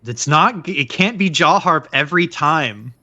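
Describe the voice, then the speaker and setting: A man's voice: a little high, expressive, a little slow, lo-fi sound. A man running a tabletop game as game master, narrating in an easygoing way and correcting himself as he goes. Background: soft background music.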